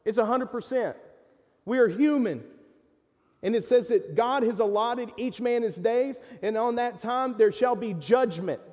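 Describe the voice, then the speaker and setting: A man preaching a sermon to his congregation in a church sanctuary, impassioned, swinging between loud urging and hushed pleading. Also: sits high, in a large hall. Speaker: pastor.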